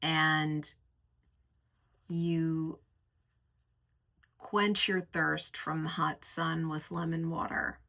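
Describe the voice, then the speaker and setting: A woman with a low-set but bright, forceful voice reviews perfumes in an unhurried, chatty way. She lingers over each word and gushes about the scents with vivid, sensual imagery, taking her time to let each phrase land. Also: level tone, gravelly. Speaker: fragrance reviewer. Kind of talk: casual reviewing chat.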